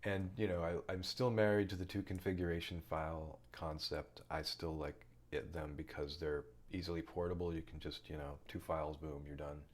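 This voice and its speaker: Deep-voiced man in a joking fake foreign accent. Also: level tone, moderate pace, few pauses. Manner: rambling, with many fillers. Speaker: firmware developer streaming his coding work. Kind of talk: casual live stream chat.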